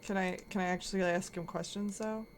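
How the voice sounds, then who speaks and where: A woman's voice: mid-range voice, fairly even intonation, slight background noise. A woman casually chatting and joking while livestreaming an old adventure game. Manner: giggly and playful, quick asides.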